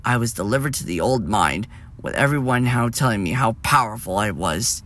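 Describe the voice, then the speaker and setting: A man's voice: medium pitch, expressive, moderate pace, voice pushed down, natural voice. A man voicing a wheezing ghostly old steam engine. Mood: cold, weary. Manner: cold, hushed and wheezing.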